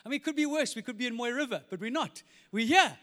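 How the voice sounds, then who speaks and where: A man preaching a sermon in a large church, energetic and jokey, acting out little voices in his stories. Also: extremely high pitch, quick pace. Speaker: pastor. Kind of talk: sermon with comic storytelling. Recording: reverberant church hall.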